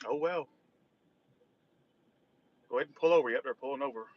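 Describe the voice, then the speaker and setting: A mid-range male voice comes through fairly quickly in a dry, muffled recording. He's a tarot reader livestreaming from his car as he drives, rambling in a casual way and reacting to the chat.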